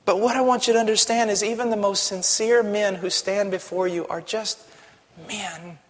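A male pastor preaching a sermon, passionate, dropping to a hush and then rising to a shout. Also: high-pitched, fairly even intonation, moderate pace. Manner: impassioned, swings from hushed to shouting. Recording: long hall reverb.

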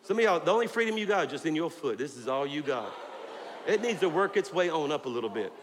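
Fiery preacher in a big reverberant hall. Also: male voice, on the high side, very animated, fast. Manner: fiery, preaching with shouts and call-outs to the congregation. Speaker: pastor. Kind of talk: sermon. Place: church sanctuary with a congregation. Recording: long hall reverb, faint crowd and noise.

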